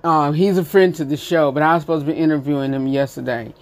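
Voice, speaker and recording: A man's voice: a little high, steady tone, quick pace. A man from North Carolina with a Southern accent, chatting casually as host of his own show, repeating himself and laughing often. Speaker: podcast host. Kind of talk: casual solo chat.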